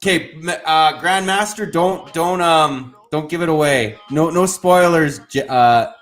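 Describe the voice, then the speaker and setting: A man's voice: fairly high pitch, unhurried, fairly bright tone. A man with a Canadian accent hosting a casual livestream, greeting chat viewers by name and laughing often. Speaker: livestream host. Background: faint background music.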